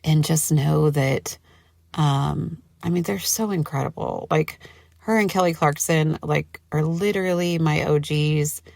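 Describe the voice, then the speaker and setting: A woman's voice: low voice, unhurried, vocal fry, a little mellow, dry recording, clean studio sound. A woman hosting her own podcast, talking casually in a chatty, gushing way with lots of fillers. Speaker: podcast host. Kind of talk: casual solo podcast talk.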